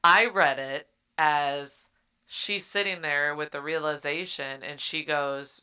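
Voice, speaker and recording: A woman's voice: low voice, steady tone, slow, bright, forceful tone, clean tone. A woman co-hosting a casual book podcast, blunt and joking, who acts out scenes as she talks. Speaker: podcast co-host.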